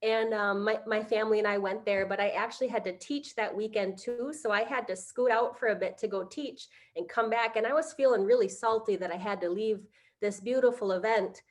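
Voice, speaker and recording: A middle-aged woman on a video call, telling a heartfelt personal story on a panel, halting with many fillers. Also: mid-range voice. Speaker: conference panelist.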